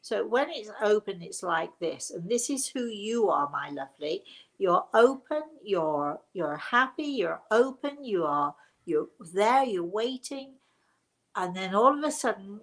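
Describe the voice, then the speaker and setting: A woman's voice: medium pitch, expressive, normal speed. Affectionate woman medium. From England. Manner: affectionate, calls viewers darling. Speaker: spirit medium hosting a live show. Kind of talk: live-stream chat answering viewers.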